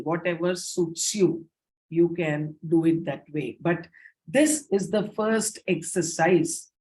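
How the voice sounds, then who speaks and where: A woman's voice: on the low side, a little mellow. A woman with an Indian English accent leading a teacher training session, explaining how to read punctuation and demonstrating intonation aloud.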